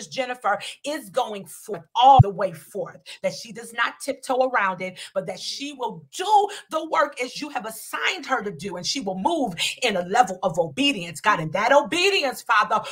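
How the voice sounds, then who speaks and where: A woman prophesying over someone, earnestly relaying what God says, with frequent halting fillers. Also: fairly high pitch, a bit bright. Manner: earnest, relays God's words, stumbles on fillers. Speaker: prophetic minister.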